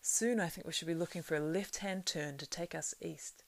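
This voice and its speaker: A woman reading aloud as an old male wizard, giving urgent, forceful commands. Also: deep voice, normal speed. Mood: weary.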